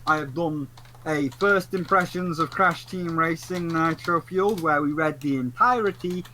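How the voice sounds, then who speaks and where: A man hosting a casual podcast chat, animated and joking, slipping into theatrical asides. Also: a little high, normal speed, low-quality recording. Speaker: podcast host.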